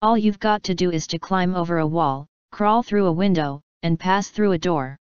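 A woman's voice: fairly low pitch, moderate pace, clear, resonant tone, no room sound, muffled recording, natural voice. A woman voicing a brash, streetwise young boy in a storybook reading, bossy and slangy. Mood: cocky.

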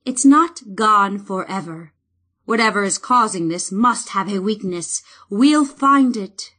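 Audiobook hero: young king, calm and reassuring, steady and unhurried; a woman reads him. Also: mid-range voice, exaggerated voice. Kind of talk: audiobook reading.

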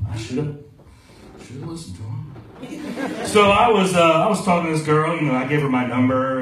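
A man's voice: a little high, normal speed. A young man doing a crude, brash stand-up set in a club, acting out the people in his stories. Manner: crude, brash storytelling with acted-out quotes. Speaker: stand-up comedian. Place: comedy club stage, live crowd. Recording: roomy club from a distance, loud crowd. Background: audience laughter.

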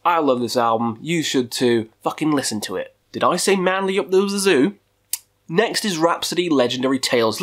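A man's voice: on the high side, fairly bright tone. A man hosting a casual video countdown, talking in a profane, goofy way with jokey asides. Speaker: metal music YouTuber.

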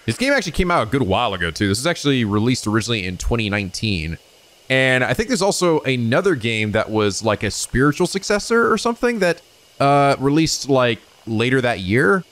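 A man hosting a let's play, chatting excitedly and a little ramblingly as he introduces a new game. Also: fairly quick. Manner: voices quoted people in a raised pitch. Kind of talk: casual gaming commentary.

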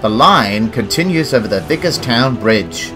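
A man narrating a children's train story in a measured, expressive storybook style. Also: mid-range voice, over loud music.

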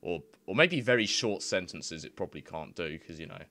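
A man's voice: deep voice, lively intonation, fairly quick, pushed and bright. A young man giving casual, rambling commentary on his screen, laughing often and swearing freely. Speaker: YouTuber.

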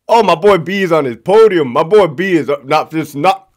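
Animated, profane male storyteller. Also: fairly high pitch, a little slow. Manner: profane, animated, laughs often; emphatic, repeats punchlines. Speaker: prison guard telling work stories. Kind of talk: casual storytelling monologue.

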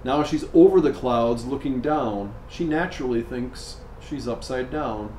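A gruff middle-aged cigar smoker, read by a man, talks quietly and low, with a gentle edge. An echoey room, faint noise in the background. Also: a little slow, lightly acted. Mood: musing.

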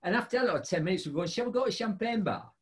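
A high-pitched man tells a story in a lively, sing-song voice, jumping up into squeaky exclamations. He is a chatty host who laughs through much of what he says. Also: very fast. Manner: animated, laughing storyteller with big pitch jumps. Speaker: podcast host. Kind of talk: casual storytelling chat.

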